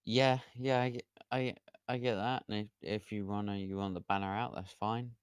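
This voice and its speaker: A man's voice: fairly low pitch, flat delivery, normal speed, clean tone, no room sound, studio quality. A man in a tabletop game who talks hesitantly, stammering and trailing off. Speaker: player.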